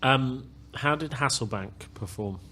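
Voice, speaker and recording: A man's voice: medium pitch, measured pace, bright, forceful tone, a little hiss or hum. A man hosting a football podcast, putting short questions and prompts to his panel. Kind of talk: casual football podcast discussion.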